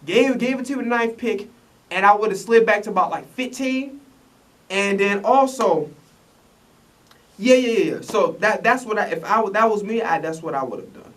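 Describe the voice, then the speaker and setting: A man's voice: high-pitched, lively intonation, moderate pace, fairly bright tone, distant mic. A man rants in casual commentary, profane and rambling, stumbling over restarts. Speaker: vlogger reacting to the draft.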